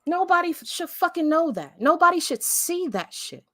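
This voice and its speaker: A woman's voice: very high voice, big pitch swings, moderate pace, a bit bright, no room sound, studio quality. A woman hosting a live stream, talking bluntly and emphatically with heavy swearing in casual commentary. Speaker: livestream host.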